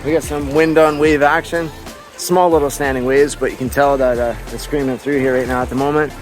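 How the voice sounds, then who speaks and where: A man's voice: medium pitch, little pitch movement, brisk, soft background music. A man vlogging outdoors in a casual, laid-back and upbeat way, chatting and narrating. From Canada. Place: outdoors on a coast.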